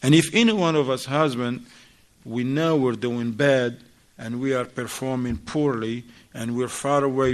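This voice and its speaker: A man giving a religious lesson to a class, animated and questioning his listeners directly. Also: medium pitch. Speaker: religious teacher.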